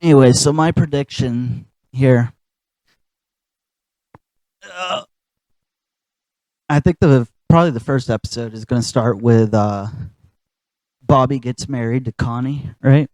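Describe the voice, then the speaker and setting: A man co-hosting a casual comedy podcast, rambling through his pitch and laughing at his own jokes. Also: unhurried, long pauses, a little mellow, dry recording, rough recording. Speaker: podcast co-host.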